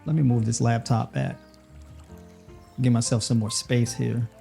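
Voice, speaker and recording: Relaxed New York man, mellow voice. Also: medium pitch, unhurried, creaky, faint music behind. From New York City. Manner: relaxed, chatty, with many fillers like "right?" and "you know". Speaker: nutritionist podcast host. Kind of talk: casual cooking talk.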